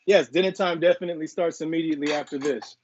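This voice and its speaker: A man's voice: a little high, fairly even intonation, fast talker, a little mellow, a little hiss or hum. A man hosting a live cooking stream, chatting casually, tasting on camera and playfully apologizing to viewers. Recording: dry, dull lo-fi live stream audio.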